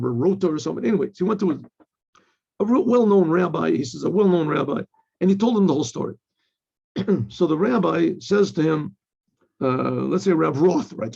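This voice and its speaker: Gravelly high-voiced rabbi telling a story. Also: male voice. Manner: animated storyteller, acts out quoted voices, repeats words. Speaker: rabbi teaching. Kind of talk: storytelling lesson. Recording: dull lo-fi recording.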